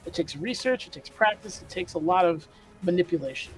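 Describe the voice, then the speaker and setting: A man's voice: high-pitched, expressive, brisk, breathy edge, faint music behind, poor audio. A man acting as dungeon master who explains the rules in a casual way, thinking aloud with fillers. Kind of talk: narrating a tabletop game. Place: home streaming setup.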